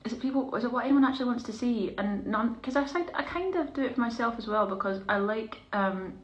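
A young woman chatting casually to her viewers on a live stream while doing her makeup, bubbly and chatty, sometimes dropping into quiet mutters. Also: on the high side, fast talker, muffled recording. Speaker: performer hosting a live stream. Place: small indoor room. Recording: echoey room with faint hiss.

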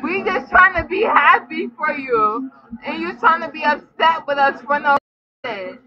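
A woman's voice: high-pitched, lively intonation, moderate pace, a crowd in the background. A drunk woman livestreaming, giggling and teasing someone in repetitive casual banter. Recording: dull lo-fi stream audio.

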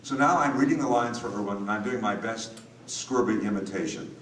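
An older man telling an animated story on a convention panel, recorded from far off in an echoey hall. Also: lowish voice, a little fast, slight background noise. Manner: animated anecdote teller with acted quotes. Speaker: panel guest, voice actor.

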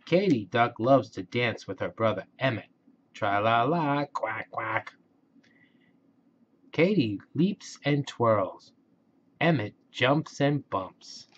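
A man reading a children's picture book aloud in a gentle, expressive way. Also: mid-range voice, slow pace, slight background noise. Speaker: storybook reader. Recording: dull lo-fi recording.

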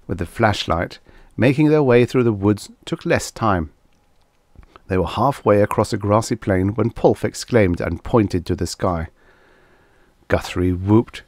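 A man reading a vintage science fiction story aloud as narrator, with animated delivery. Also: fairly low pitch, unhurried, no echo, studio quality. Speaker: audiobook narrator. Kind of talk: scripted narration.

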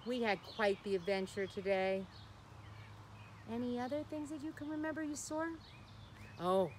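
A woman's voice: fairly high pitch, a little hiss or hum. A woman hosting a children's sing-along lesson in a playful, sing-song way, asking young listeners questions. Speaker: children's program host.

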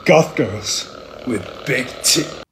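Slow-talking man in a noisy clip. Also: medium pitch, expressive. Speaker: cosplayer in a clip. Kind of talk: short social media clip. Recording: noisy clip played back.

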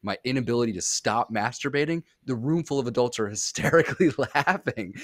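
A man's voice: mid-range voice, lively intonation, fairly quick, few pauses, no echo, clean studio sound. A man co-hosting a podcast, chatting and asking questions, telling stories animatedly with stammering restarts. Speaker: podcast co-host. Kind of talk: casual interview chat.

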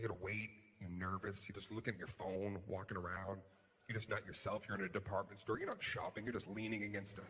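A man performing a stand-up comedy routine on stage, animated, swinging between hushed mutters and shouted rants. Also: on the low side, fast. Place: large comedy venue. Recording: live hall with crowd noise. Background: audience laughter.

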